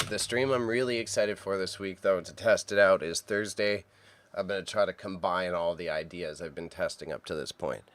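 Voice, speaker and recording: A man, chatting casually on a co-working stream and thinking aloud as he works, sounding a little phlegmy and clearing his throat. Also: sits low. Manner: relaxed, self-mumbling, thinks aloud while typing. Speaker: streamer and reseller. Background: keyboard typing.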